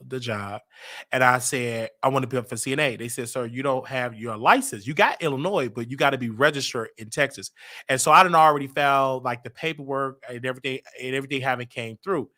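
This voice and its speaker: A man from Chicago with a Chicago accent, telling a personal story casually and acting out what people said with big jumps in his voice. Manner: animated, acts out quotes with big pitch jumps.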